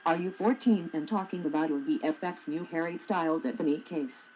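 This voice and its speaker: A woman's voice: deep voice, brisk, darkish tone, a little hiss or hum, low-quality recording. A woman in her forties, a blogger reading her own humorous essay aloud with a wry, sarcastic manner. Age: 40s.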